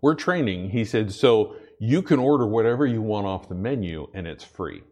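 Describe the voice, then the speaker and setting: A man's voice: fairly low pitch, lively intonation, moderate pace, darkish tone. A man preaching a sermon, telling a rambling personal story with many restarts before turning to scripture with rising emphasis.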